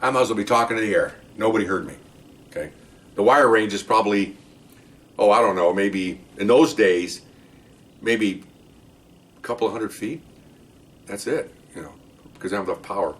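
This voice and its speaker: An older man, a retired undercover police officer, telling stories from his past cases in a casual, animated way and acting out the dialogue. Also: fairly low pitch, normal speed, pauses often. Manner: animated, acts out the dialogue in raised voices. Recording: voice distant from the mic.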